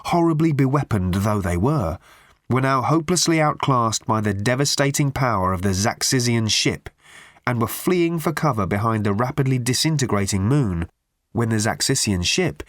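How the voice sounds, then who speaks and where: A man narrating an audiobook with dry, expressive storytelling. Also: mid-range voice, dry recording. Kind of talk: scripted narration.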